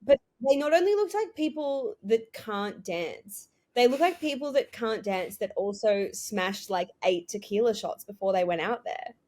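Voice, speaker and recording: A woman's voice: mid-range voice, expressive, moderate pace, hardly any pauses, darkish tone. Wry, joking young woman. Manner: wry, joking, fond of comic asides. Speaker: podcast co-host. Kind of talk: casual chat.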